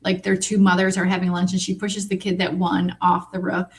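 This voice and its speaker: A woman's voice: fairly low pitch, brisk, slight background noise. Chatty Midwestern woman co-host. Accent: Midwestern American. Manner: chatty, animated, many fillers. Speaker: podcast co-host. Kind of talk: casual chat.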